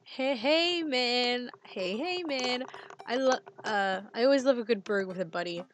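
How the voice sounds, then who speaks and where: A woman's voice: a little high, unhurried, slight background noise, pitched above the performer's own voice, lightly acted. Woman reading as a chill dude dad. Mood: friendly. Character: friendly laid-back dad neighbor, man.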